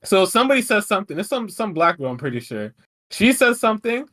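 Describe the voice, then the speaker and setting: A man's voice: high-pitched, sing-song, quick pace, a bit bright. A man co-hosting a podcast, recapping wrestling in a casual, profane, rambling way with frequent laughs. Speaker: podcast co-host.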